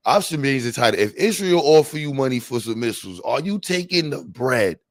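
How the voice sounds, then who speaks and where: A young man hosting a livestream panel, talking in slang, animated and joking, reading the chat aloud. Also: medium pitch, brisk, dry recording. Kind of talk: casual livestream talk. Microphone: streaming mic.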